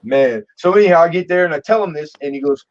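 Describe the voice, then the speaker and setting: A man in his forties telling a long personal story in casual chat, animated, swearing and restarting his sentences often. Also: on the high side, fast, crowd noise. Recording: dull lo-fi sound.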